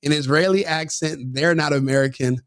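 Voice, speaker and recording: A man with a somewhat high voice gives profane reaction commentary, brash and combative, laughing at his own jokes. The sound is dry and close. He keeps up a mocking, scornful tone. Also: moderate pace, no echo. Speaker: online commentator reacting to a video.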